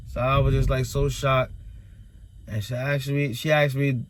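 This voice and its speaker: A man, a trucker vlogger, telling a story as a casual rant and acting out quoted dialogue in an animated way. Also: mid-range voice, brisk. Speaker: owner-operator trucker vlogger.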